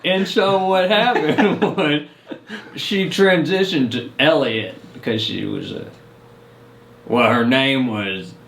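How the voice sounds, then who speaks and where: A man's voice: medium pitch, slow, creaky, a bit bright. A man guesting on a podcast, teasing and cracking jokes in casual banter. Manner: teasing, wisecracking. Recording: roomy with faint noise.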